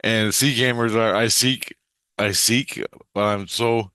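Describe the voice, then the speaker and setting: A man's voice: on the low side, steady tone, slow pace, sharp tone, no room sound. A man telling a personal story in a casual, rambling way, cursing and restarting his sentences. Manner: rambling, profane, frequent restarts.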